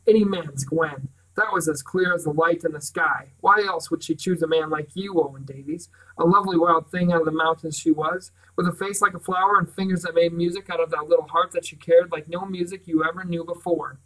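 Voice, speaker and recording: A man reading aloud, voicing a bitter, jealous middle-aged farmer who sneers and rushes his angry words. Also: fairly high pitch, fairly even intonation, a bit bright, recorded from a distance, low-quality recording. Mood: scornful. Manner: sneering, rapid angry outbursts.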